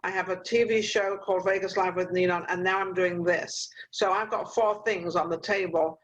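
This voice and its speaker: A woman's voice: fairly low pitch, fairly even intonation, normal speed, highs cut off, a little hiss or hum. An older woman hosting an interview over a video call, giving long, encouraging advice in a chatty way. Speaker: host.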